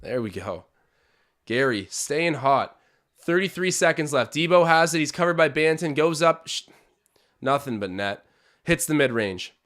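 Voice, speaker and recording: A young man from Canada hosting a live basketball watch-along, calling plays and chatting with his viewers, animated and swinging from hype to groans. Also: fairly high pitch, unhurried. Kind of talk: excited live game commentary with chat.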